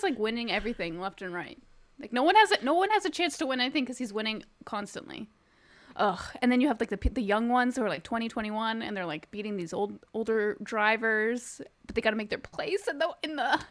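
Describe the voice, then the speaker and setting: A woman co-hosting a casual podcast chat, excitedly gushing and laughing, swearing now and then. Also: a little high, fairly quick, no room sound. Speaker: podcast co-host.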